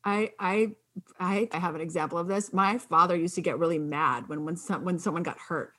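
A woman hosting a casual chat, animated and peppering her talk with "like.". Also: on the low side, a little fast. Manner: animated, many "like" fillers.

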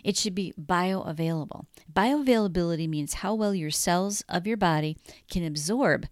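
A middle-aged woman hosting a wellness podcast, guiding breathing in a calm, soothing, encouraging way. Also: fairly low pitch, normal speed, no room sound, studio quality. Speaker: wellness coach and podcast host. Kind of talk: podcast monologue with guided breathing.

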